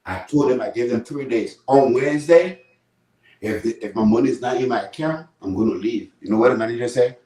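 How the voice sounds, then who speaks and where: A man from Liberia with a Liberian accent talks as an interview guest, blunt and animated, and he swears without a second thought. He sits well back from the mic, so his voice comes through distant. The room around him is echoey. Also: medium pitch, brisk. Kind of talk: live interview storytelling.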